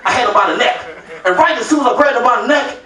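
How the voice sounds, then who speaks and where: Loud animated stand-up comic in a club. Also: male voice, extremely high pitch, very fast. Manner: loud animated storytelling, acting out voices. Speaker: stand-up comedian. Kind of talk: stand-up comedy set. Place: comedy club stage. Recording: roomy club sound from a distant mic with crowd laughter.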